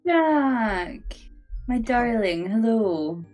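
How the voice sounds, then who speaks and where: Slow, lively-pitched woman chatting. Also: faint music behind. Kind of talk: casual chat.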